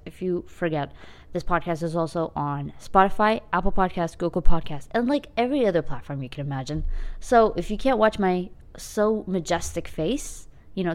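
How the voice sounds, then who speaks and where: A young woman hosting her podcast, chatty and self-mocking, rambling through a casual monologue. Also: low voice. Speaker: podcast host.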